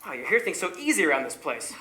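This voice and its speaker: A woman's voice: sits low, sing-song, fast, bright, forceful tone, heavily acted. A woman playing a wisecracking, confident male factory superintendent in a stage musical, wry and flirtatious, recorded in an echoey hall. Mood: brisk. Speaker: stage actor. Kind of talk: amateur stage musical acting.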